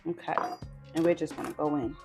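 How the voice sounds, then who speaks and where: Lively chatty woman hosting a cooking vlog. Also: low voice, gravelly. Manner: talks straight to viewers with slangy asides. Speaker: cooking show host.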